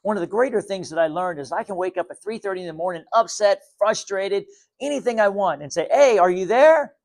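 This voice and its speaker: A man giving a spiritual talk to viewers, calm, repetitive and gently insistent. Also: high-pitched, fast talker. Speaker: spiritual teacher.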